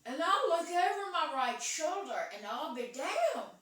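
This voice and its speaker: A brash, crude middle-aged hostess, put on by a woman rambles through her show, ending almost every phrase with "okay?". Her voice is high, bright and swings widely in pitch. She sounds very echoey, picked up by a mic well away from her. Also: big pitch swings, measured pace, full character voice. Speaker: host. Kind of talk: improvised comedy sketch. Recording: very echoey room, mic far off.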